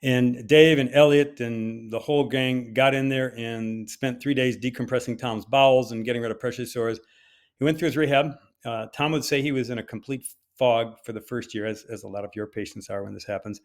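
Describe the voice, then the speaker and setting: Older male doctor telling a story on stage, animated and chatty with some hesitations, at a mid-range pitch. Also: a little fast. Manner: hesitant with fillers at times. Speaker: physician giving a conference talk. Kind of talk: personal storytelling talk.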